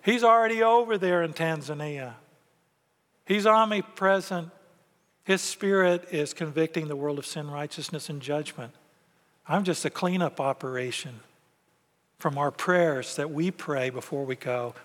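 A man's voice: fairly high pitch, unhurried, a bit bright, in a large hall. A man preaching a conversational sermon as pastor, acting out quoted thoughts along the way. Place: church sanctuary.

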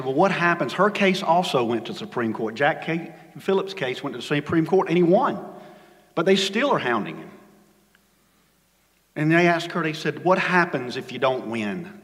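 This is a man preaching a sermon as a pastor, the sound reverberating around a church sanctuary. His style is dynamic, moving from forceful, loud points down to hushed lines.

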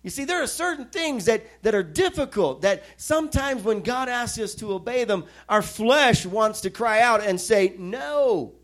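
A man's voice: sits high, animated, moderate pace, hardly any pauses, a bit bright. A man preaching a sermon, telling a personal testimony in a storytelling way with self-mocking asides, from Missouri. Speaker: pastor.

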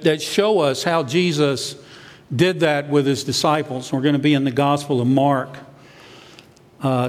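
A man's voice: a little high, in a large hall. A man, a church elder, preaching a sermon in a conversational way, sometimes acting out what the disciples said.

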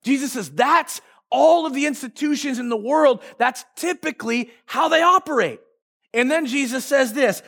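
A male pastor preaching a sermon emphatically, stretching key phrases and rising to shouts. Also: very high voice, moderate pace.

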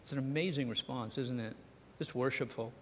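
Speaking at a fairly quick clip in a mid-range voice, this preacher keeps his sermon conversational and performs the scripture dialogue himself, all within a long hall reverb.

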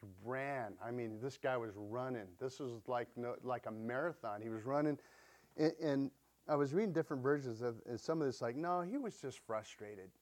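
A male preacher gives a loose, chatty sermon. He talks to his congregation like friends, tosses questions out to them and retells scripture in plain everyday words. His voice sits at a middling pitch. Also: brisk, darkish tone. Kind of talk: conversational sermon.

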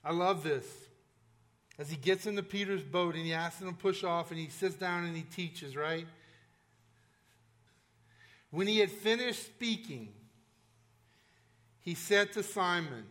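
A man's voice: high voice, unhurried, long pauses, a bit bright. A male pastor preaching a sermon in a conversational, emphatic way, with frequent restarts and asides to the congregation.

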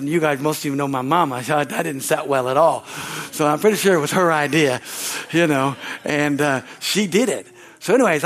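A man preaching a sermon as pastor, telling rambling, animated stories full of restarts. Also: on the high side. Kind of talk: sermon storytelling. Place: church sanctuary.

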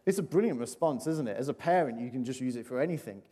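A man's voice: medium pitch, lively intonation, fast, dark tone. A man giving a playful children's talk in a church service, chatting and asking the audience questions. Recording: long reverb of a large hall.

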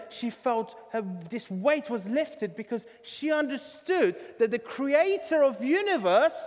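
A man preaching a sermon in a church hall, earnest and halting, often restarting his words. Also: extremely high pitch. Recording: reverberant church hall with soft music.

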